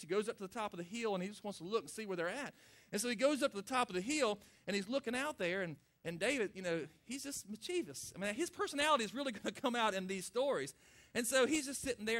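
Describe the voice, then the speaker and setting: High-voiced folksy preacher. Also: male voice, fairly bright tone. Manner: folksy storytelling, acting out Bible characters' lines. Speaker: pastor. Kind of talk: sermon.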